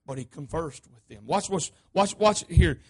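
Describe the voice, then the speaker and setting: A man preaching a sermon, emphatic and repetitive, calling out to the congregation and swinging between shouts and hushed asides. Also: fairly high pitch, normal speed, husky. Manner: emphatic, repetitive, call-and-response.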